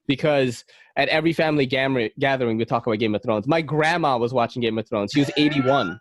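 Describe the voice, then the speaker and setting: A young man chatting casually as a podcast guest, telling stories with lively, acted-out quotes. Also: a little fast, dry recording, clean studio sound. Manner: animated storyteller, acts out quotes with big pitch jumps. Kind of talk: casual chat.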